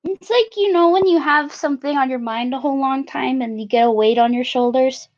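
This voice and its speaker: A woman's voice: high-pitched, a little fast, natural voice. A woman voicing a playful, mischievous cartoon girl who talks in a bubbly, giggly way. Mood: relieved. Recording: dull lo-fi recording.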